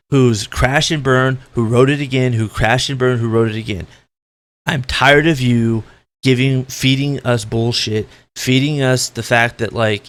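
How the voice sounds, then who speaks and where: A man's voice: mid-range voice, a bit bright. Exasperated man ranting bluntly. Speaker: esports commentator. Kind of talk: ranting opinion vlog.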